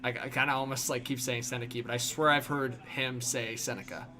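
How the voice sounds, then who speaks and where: A man's voice: medium pitch, flat delivery, a little fast. A young man hosting a casual hockey livestream, rambling with lots of fillers while answering chat. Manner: rambling, filler-heavy, frequent "like". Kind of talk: casual live stream commentary, reading chat.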